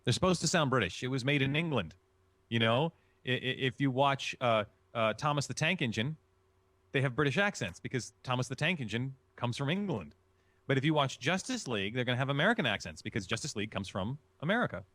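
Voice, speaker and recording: Male interview guest, animated delivery, dry close sound, emphatic teacher manner. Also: mid-range voice, a little fast, dry recording. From Chicago. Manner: emphatic, explanatory, repeats key phrases. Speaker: voice-acting guest. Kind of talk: instructive interview answers.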